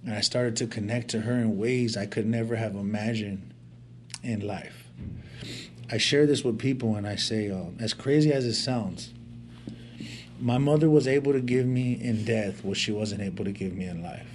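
A fairly low, somewhat dark-toned male voice moves at a moderate pace as he tells his life story sincerely. He speaks in casual street slang, stammering and restarting occasionally, over a faint hiss.

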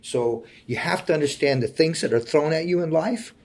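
A man in his forties, a guest in an interview, telling a personal story in an earnest, heartfelt way that often sinks to a quiet voice. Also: a little high, normal speed.

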